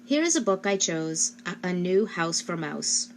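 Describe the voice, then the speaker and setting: A woman giving instructional narration as a speech therapist, speaking slowly and carefully and modeling questions for a child. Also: fairly low pitch, very animated, slight background noise. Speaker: speech-language pathologist.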